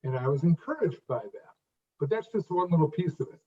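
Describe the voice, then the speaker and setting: Brief: fifties man, interview guest, slightly high voice, halting restarts, distant dull recording. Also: animated, dark tone. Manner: halting restarts, repeats words, then emphatic phrases. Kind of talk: conversational interview.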